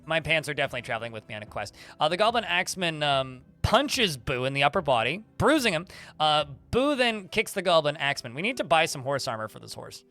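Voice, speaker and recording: A man's voice: a little high, big pitch swings, fast, pushed and bright, soft background music. A man streaming a video game, reading the combat log aloud with many fillers and restarts while chatting with viewers. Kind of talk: livestream gameplay commentary.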